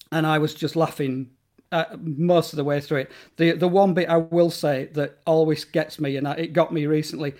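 A man's voice: a little high, darkish tone. A man talking as a guest in a casual interview about horror films, enthusiastic and rambling, with plenty of fillers and restarts.

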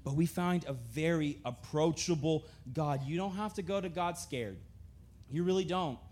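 Young man preaching, slightly high voice, laid-back and animated, soft earnest stretches. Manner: casual, animated storytelling with laughs; drops to soft, slow, earnest tone. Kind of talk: sermon.

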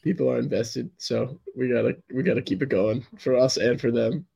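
A hoarse young man co-hosting a casual sports podcast, rambling and laughing often. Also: medium pitch, steady tone, a little fast, mellow, dull audio. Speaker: podcast co-host.

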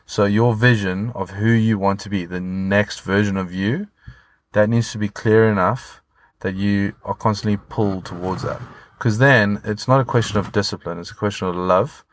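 Deep-voiced coach, earnest. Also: male voice, fairly even intonation, moderate pace. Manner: earnest, motivational, swears casually. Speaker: fitness coach, guest. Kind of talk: casual podcast conversation.

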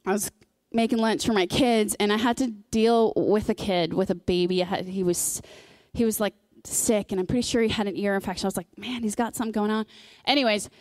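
A woman's voice: medium pitch, steady tone, fairly quick, few pauses, darkish tone, dry recording, studio quality. A woman in her thirties preaching a sermon in a conversational way, telling personal stories with lots of fillers.

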